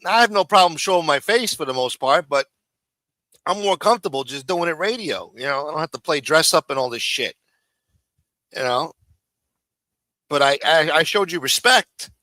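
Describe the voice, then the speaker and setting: A streetwise man hosts a live recap stream, cursing freely and breaking balls in an easy, casual way. His voice sits a bit high for a man. The sound is close and dry, with no room around it. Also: expressive, normal speed, pauses often, sharp tone, dry recording. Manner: streetwise, profane, ribbing. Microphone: studio mic for a radio-style show.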